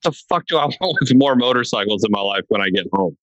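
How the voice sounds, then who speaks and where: A man's voice: fairly low pitch, lively intonation, fast, a bit bright, no room sound, rough recording. A man in casual podcast talk, rambling and profane, laughing as he goes.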